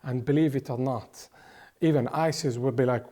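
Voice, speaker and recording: A man's voice: mid-range voice, normal speed, dark tone. A man from the Middle East, a guest giving impassioned political commentary in an emphatic way, often restarting and repeating words. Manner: emphatic, with frequent restarts and repetitions. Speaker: interview guest.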